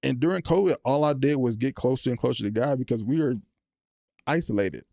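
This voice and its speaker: A young man in his twenties, a college football player, telling his faith story earnestly on a podcast, animated when he retells moments. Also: medium pitch, a little fast, creaky, no room sound, studio quality. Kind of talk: casual faith testimony. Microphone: podcast microphone.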